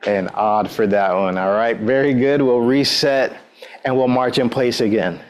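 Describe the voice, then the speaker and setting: Speaking at a measured pace in a mid-range voice, the exercise instructor guides his class with cheerful encouragement, counts down between moves, and frequently drops in "all right".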